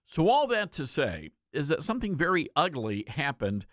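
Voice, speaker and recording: A man's voice: a little high, wildly swooping pitch, moderate pace, a bit bright, no echo, clean studio sound. A male talk show host giving a political commentary monologue, emphatic and conversational, repeating words for stress and speaking directly to his listeners.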